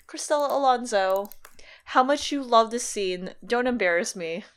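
A woman co-hosting a podcast, talking casually and thoughtfully about a TV episode with quick asides. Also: fairly high pitch, animated, clean tone. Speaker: podcast co-host. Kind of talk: casual chat recapping a TV episode.

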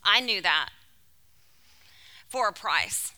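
A woman from California delivering a sermon by telling a personal story in an animated, emotional way. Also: mid-range voice, slow. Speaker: speaker.

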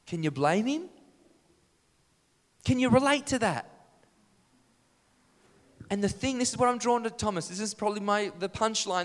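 A man delivers a lively sermon, firing rhetorical questions at his listeners. His voice sits high for a man, and the sound rings out with a long reverb in a church hall. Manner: animated, rhetorical questions to the congregation. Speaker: preacher.

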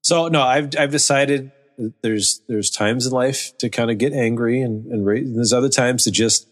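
A man's voice: mid-range voice, moderate pace. Rambling man in easygoing chat. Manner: rambling, repeats words, easygoing. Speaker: podcast co-host. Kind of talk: casual chat.

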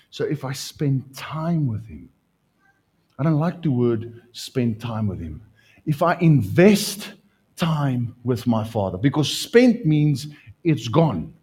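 A middle-aged man preaching a lively sermon as pastor, his voice leaping higher when he gets excited. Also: husky. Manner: animated preaching, pitch jumping up when excited.

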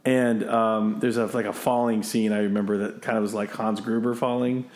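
A man's voice: fairly low pitch, flat delivery, moderate pace, a little mellow, echoey room. A man hosting a casual podcast movie quiz, chatty and self-deprecating, laughing often. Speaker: quiz host.

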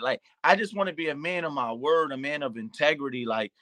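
A man's voice: on the high side, lively intonation, a little fast, hardly any pauses, sharp tone, no echo. A man telling an emotional personal story in earnest, repeating words and slipping into quoted asides. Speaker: pastor and youth nonprofit founder.

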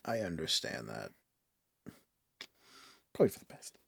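A man's voice: very deep voice, very animated, measured pace, gravelly, fairly bright tone, breathy edge, no echo, clean studio sound. A man playing a tabletop game, chatting casually and asking lots of questions in a joking way. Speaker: player.

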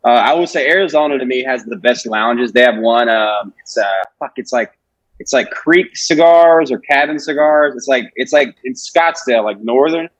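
A comedian in his 20s from Alabama chats casually as a podcast guest, telling rambling, profane stories. His medium-pitched voice moves at normal speed, in lo-fi audio with no room sound.

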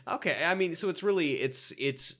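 A man's voice: high voice, fairly bright tone, slight background noise. Man riffing dryly on a podcast. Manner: dry jokey asides, puts on quick silly voices. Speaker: podcast co-host. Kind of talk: casual chat about a sitcom episode.

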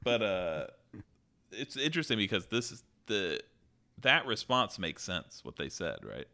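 A man's voice: on the low side, sing-song, a little slow, sharp tone. A man co-hosting a comedy podcast, joking in casual chat and laughing often. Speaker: podcast co-host.

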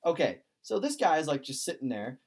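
A man's voice: a little high, very animated, normal speed, a little mellow, husky. A young man telling a story in a casual chat, rambling with many fillers and acting out what people said. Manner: rambling, lots of "like", quotes people in voices. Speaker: podcast host.

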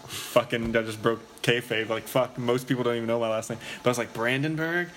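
A man's voice: medium pitch, completely flat delivery, fast talker, fairly bright tone, slight background noise. A man telling a long story in a rambling, casual way, swearing a lot and filling his talk with "like". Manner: rambling, profane, heavy use of filler "like".

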